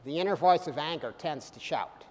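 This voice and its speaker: High-voiced male preacher in a reverberant hall. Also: normal speed. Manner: animated, with sudden loud bursts and soft drops; humorous asides. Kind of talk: sermon.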